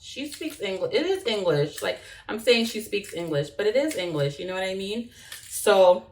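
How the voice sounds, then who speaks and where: A woman's voice: medium pitch, expressive, normal speed. A young woman chatting casually as she cooks in her kitchen. She is playful and laughs at herself. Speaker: cooking vlogger. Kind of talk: casual chat while cooking. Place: home kitchen. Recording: roomy sound from a distance.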